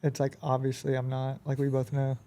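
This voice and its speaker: A man who is a podcast guest, telling animated anecdotes in a casual conversation and often acting out quoted dialogue. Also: medium pitch, brisk. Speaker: podcast guest, business owner.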